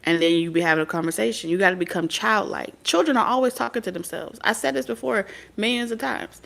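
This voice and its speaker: A fast-talking woman with a mid-range, fairly bright voice and vocal fry delivers a casual, preachy monologue. She's an adult mother of several children who works as a spirit medium and tarot reader, and her storytelling is blunt, profane and streetwise.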